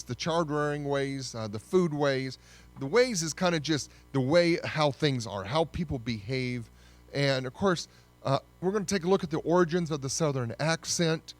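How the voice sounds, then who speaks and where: A man giving a casual, conversational history lesson, often pausing to correct himself. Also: on the high side. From United States. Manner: conversational, with frequent fillers and self-corrections. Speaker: history teacher.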